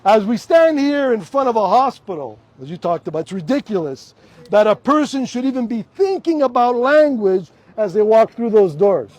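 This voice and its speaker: Canadian man, middle-aged, high voice, fervent rally speaker outdoors, repeats slogans. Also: very animated, moderate pace, a little mellow, no room sound. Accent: Canadian English. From Toronto, Canada. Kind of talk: public protest speech. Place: outdoors in front of a hospital.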